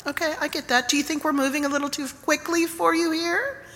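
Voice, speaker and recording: A woman's voice: high-pitched, fairly even intonation, fairly quick, fairly bright tone, big-room sound. A woman preacher voicing a blunt, impatient male therapist who talks in a curt, dismissive way. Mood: brusque. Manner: curt, dismissive, repeats himself.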